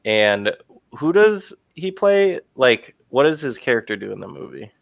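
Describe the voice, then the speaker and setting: A young man chats casually on a podcast, retelling movie scenes and dropping into quick impressions. His voice sits in a middle register and is recorded dry and close, with no room sound. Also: mid-range voice, sing-song, creaky, no room sound. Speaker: podcast co-host. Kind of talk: casual chat.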